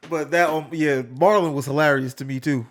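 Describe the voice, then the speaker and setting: A young man co-hosting a podcast, talking casually and animatedly, with loud bursts and laughs. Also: on the high side, steady tone, fairly quick, slight background noise. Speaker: podcast co-host. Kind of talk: casual chat.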